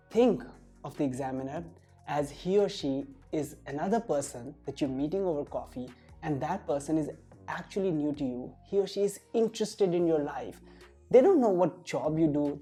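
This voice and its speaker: A woman with a low, mellow voice gives an exam-prep lesson, punching out key words with emphatic stress. Her tone is slightly husky and soft-edged. Faint music plays underneath. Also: normal speed. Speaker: IELTS speaking tutor. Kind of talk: direct-to-camera teaching.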